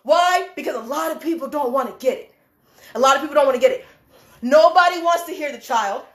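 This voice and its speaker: A woman hosting a heated live stream rant from a room indoors. She is animated and emphatic, laughs often, swears, and repeats her points. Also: high-pitched, fast talker. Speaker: livestream host, dance choreographer. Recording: echoey room.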